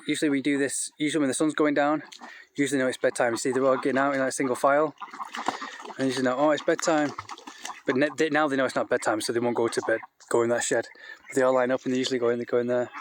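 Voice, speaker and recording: A man giving a casual walk-and-talk vlog outdoors in a farmyard, rambling and chatty with many restarts, and coaxing his animals in a higher voice. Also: little pitch movement, racing, slight background noise. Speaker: vlogger keeping poultry on a farm. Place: outdoors in a farmyard by a duck shed.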